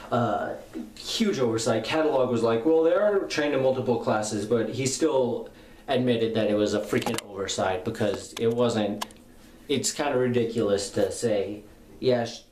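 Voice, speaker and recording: A man's voice: mid-range voice, darkish tone, a little hiss or hum. Casual young man recapping a comic. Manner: loose, rambling retelling with many fillers; paraphrases dialogue in slangy voices. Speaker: comic book reviewer. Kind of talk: casual spoken review. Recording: echoey room with faint ambience.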